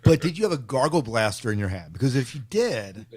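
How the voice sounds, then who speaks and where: A man's voice: medium pitch, sing-song, fairly quick, slightly rough. A man hosting a casual book podcast, teasing his co-hosts and leading the questions. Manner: joking, teasing, leads the questions. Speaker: podcast host. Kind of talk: casual chat.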